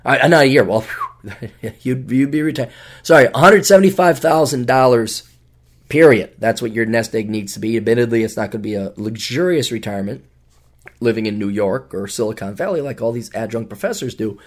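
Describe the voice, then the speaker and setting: A middle-aged man hosting a solo podcast, talking in a sarcastic, rambling way with big jumps in pitch for emphasis. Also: lively intonation, brisk. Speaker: podcast host.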